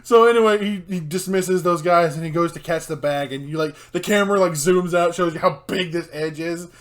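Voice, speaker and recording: A young man co-hosting a casual film review chat, giggly and excitable, with many fillers. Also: fairly high pitch, brisk. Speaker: co-host.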